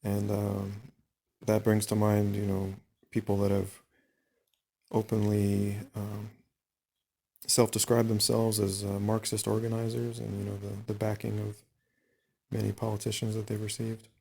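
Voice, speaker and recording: A man reading book excerpts aloud and adding his own comments, unhurried and full of pauses and fillers. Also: lowish voice, completely flat delivery, gravelly, darkish tone. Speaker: reader and commentator.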